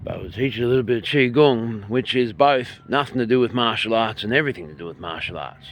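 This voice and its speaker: An Australian man leading a qigong and breathing lesson outdoors by a bay, filming on a handheld phone, calm and soft-spoken, his voice sometimes trailing off quietly. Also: medium pitch, fast talker. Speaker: qigong and meditation instructor. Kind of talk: guided breathing instruction. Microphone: handheld phone, filming himself.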